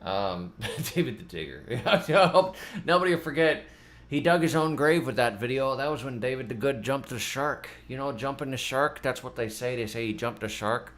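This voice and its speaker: A man's voice: medium pitch, expressive, normal speed, a bit bright. Rambling, self-mocking man gardener. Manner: rambling, self-mocking, repeats words often. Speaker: gardening channel host. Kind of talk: casual rambling vlog chat.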